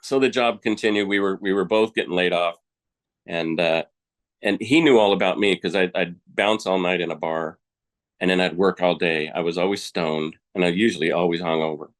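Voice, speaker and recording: A man's voice: sits low, moderate pace. A man, a podcast guest, telling his personal story in a frank, colloquial, plainspoken way.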